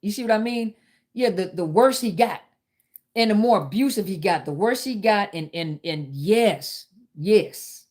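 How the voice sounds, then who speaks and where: A woman's voice: medium pitch, expressive, a little slow, a little mellow. A middle-aged woman, hosting a live talk and telling a personal story candidly, speaking straight to her viewers. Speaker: host.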